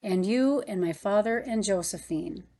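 A woman reading the lines of a gentle, devoted husband in a storybook narration. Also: mid-range voice, animated, a little slow. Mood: tender. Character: tender devoted husband, adult man.

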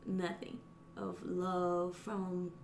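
A woman's voice: on the low side, completely flat delivery, drawn-out words, creaky, a little mellow, slight background noise. Hesitant, reflective woman in an echoey room. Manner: hesitant, reflective, laughs often. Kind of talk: casual podcast conversation. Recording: roomy echo.

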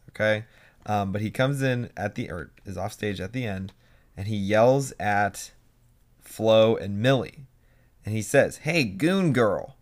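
A young man co-hosting a podcast, chatting casually and telling animated stories with quoted asides. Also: mid-range voice. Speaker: podcast co-host. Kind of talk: casual chat.

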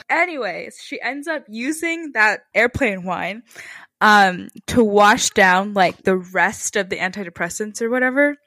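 A woman's voice: mid-range voice, expressive, measured pace, a bit bright, dry recording. A woman co-hosting a podcast in casual chat, retelling scenes with playful quoted voices. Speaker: podcast co-host. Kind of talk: casual chat recapping a TV show.

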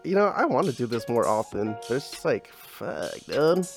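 A man's voice: medium pitch, big pitch swings, moderate pace, vocal fry, over music. A young man hosting a podcast, chatting in a casual, rambling way, full of slang, swearing and fillers. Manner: profane, slangy, filler-heavy. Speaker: podcast host. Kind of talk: casual rambling comedy chat.

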